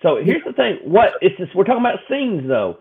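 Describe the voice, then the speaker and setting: With a high-pitched voice that swings widely in pitch, a little fast and marked by vocal fry, this podcast co-host chats casually. His talk is emotional and meandering, packed with fillers and restarts, and it comes across thin and tinny like a phone call.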